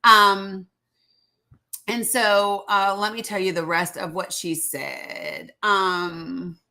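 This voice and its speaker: A woman's voice: mid-range voice, fairly even intonation, slow pace, bright, forceful tone, low-quality recording. A woman host, chatting casually to viewers and reading statements aloud. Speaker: show host. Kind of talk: casual live-stream commentary.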